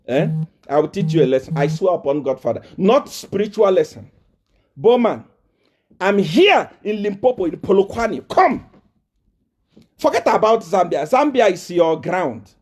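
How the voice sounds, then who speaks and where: Nigerian prophet guy ranting on a live video, high voice that jumps all over, keeps firing questions and taunts. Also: darkish tone. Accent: Nigerian English. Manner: confrontational, taunting, repeated rhetorical questions.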